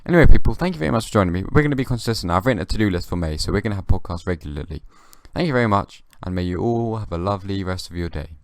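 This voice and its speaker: A young man hosting his own comedy podcast, rambling in a halting, dry way with many restarts. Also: low-pitched, expressive, no echo. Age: young adult. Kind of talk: rambling comic monologue.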